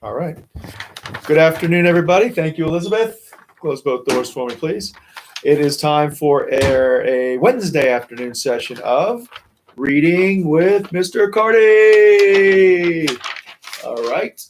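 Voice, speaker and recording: A man's voice: fairly high pitch, normal speed, a little hiss or hum, poor audio. A man from a school reading a picture book aloud on a livestream. He keeps breaking off to chat about the pictures and the class. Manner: chatty, with frequent asides and comments on the pictures. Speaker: school staff reading to students. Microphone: phone or camera for a livestream.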